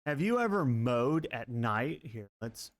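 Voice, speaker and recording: A man streaming live gameplay, chatting casually with his viewers, quick to laugh and curse at what happens on screen. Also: medium pitch, dry recording. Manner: excitable, laughs and swears at the game.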